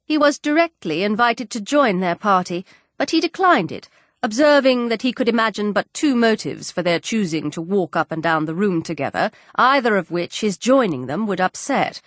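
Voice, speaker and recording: Animated woman reading an audiobook. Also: medium pitch, moderate pace, dry recording. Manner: animated storytelling with varied voices. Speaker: audiobook narrator. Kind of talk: audiobook narration.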